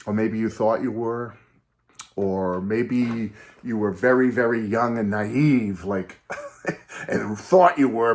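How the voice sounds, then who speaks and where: Rambling, chuckling male vlog host. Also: mid-range voice. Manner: rambling, chuckling, self-mocking. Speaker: channel host. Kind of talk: casual vlog chat.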